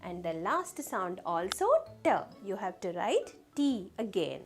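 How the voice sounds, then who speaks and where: A woman's voice: mid-range voice, big pitch swings, unhurried, faint music behind. A woman teaching a phonics lesson to young children. She sounds out letters one at a time and keeps asking the children questions. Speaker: kindergarten teacher.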